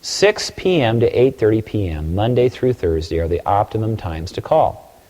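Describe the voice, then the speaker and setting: A man's voice: on the low side, very animated, moderate pace, a little mellow, big-room sound. A man giving a recorded sales training talk, coaching emphatically and acting out phone-call examples.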